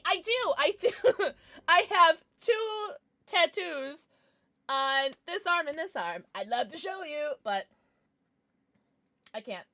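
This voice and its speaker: A giggly young woman chatting with her stream viewers. Her voice sits a little high and swings widely, bubbly one moment and softly mumbling the next. She keeps up a casual, chatty flow with her audience. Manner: jumps between soft mumbles and loud squeals. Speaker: livestreamer. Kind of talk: casual live-stream chat.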